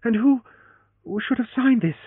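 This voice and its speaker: A man reading an audiobook and voicing a proud, fiery young woman quick to anger, over a tinny line. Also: very high voice, animated, husky, no echo, pitched above the performer's own voice, full character voice. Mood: startled. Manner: flashing, accusing, then faltering. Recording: tinny phone-like, dry.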